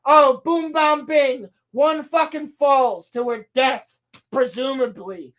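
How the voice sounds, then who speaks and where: Slow and high-pitched, this podcast co-host delivers a casual show recap full of sarcasm and frequent swearing. She brings scenes to life by acting them out in voices.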